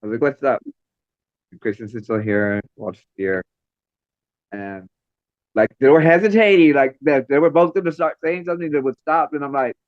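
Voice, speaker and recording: Animated man telling stories, dry lo-fi sound. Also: medium pitch, dry recording. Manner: animated, acts out quoted voices, laughs often. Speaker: interview guest, makeup artist and female illusionist. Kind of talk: storytelling interview. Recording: dry, slightly dull lo-fi recording.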